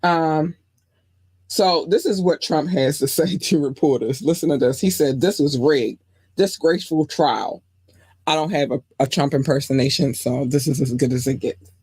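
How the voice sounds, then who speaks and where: A woman's voice: low voice, moderate pace, a little mellow, breathy edge, dry recording. Woman host reading news casually, full of asides and questions; dry, close recording. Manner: chatty, reads news aloud with frequent asides and questions. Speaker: podcast host.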